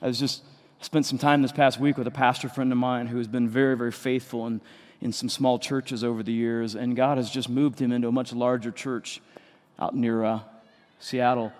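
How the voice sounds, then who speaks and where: A man's voice: medium pitch, little pitch movement, moderate pace, darkish tone. A man preaching a sermon as a pastor, earnest and conversational, often repeating words for emphasis. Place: large church sanctuary. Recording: long reverb of a large hall.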